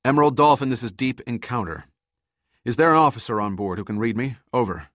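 A calm, commanding sea captain giving firm orders over a radio, read by a deep-voiced male narrator. The voice is low and the sound close and dry. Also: moderate pace, dry recording, lightly acted. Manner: firm, direct. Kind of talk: audiobook character reading.

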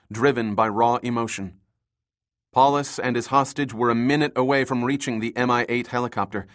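Male audiobook narrator, mid-pitched, steady thriller read. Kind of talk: scripted narration.

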